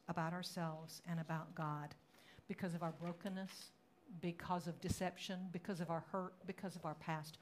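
A woman pastor preaching a sermon, moving between relaxed storytelling and dramatic, loud acted-out quotes. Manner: dramatic, acts out quotes with rising pitch and volume; conversational storytelling with fillers.

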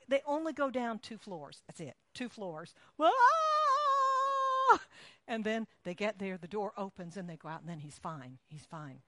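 A woman preaching a sermon, telling a story with lively acted-out voices for the people in it. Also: medium pitch, dry recording. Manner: animated storytelling, acts out quoted voices.

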